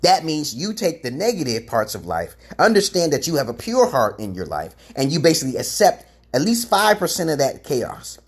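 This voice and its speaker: A man's voice: fairly high pitch, wildly swooping pitch, normal speed, hardly any pauses, breathy edge. A man rambling through a preachy livestream monologue on a webcam mic, swearing freely and greeting chat viewers as he goes. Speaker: livestream host giving self-styled advice.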